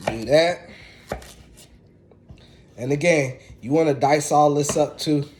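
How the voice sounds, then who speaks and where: A man's voice: on the high side, slow, a little mellow, a little hiss or hum. A man, chatting casually to viewers in a laid-back way while he cooks. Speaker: home cook. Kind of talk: casual cooking vlog.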